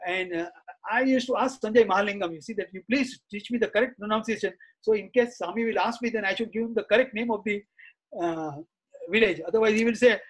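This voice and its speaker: A middle-aged man, a guest in an interview, chattily reminisces through anecdotes peppered with "you see" and "uh". His voice is high-pitched and he talks fast, on a rough recording.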